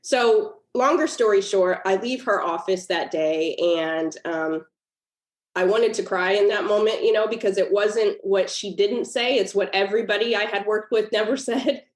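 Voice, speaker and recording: A woman's voice: medium pitch, moderate pace. A woman guest author telling a personal story in a podcast interview, earnest and emotional. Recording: roomy echo.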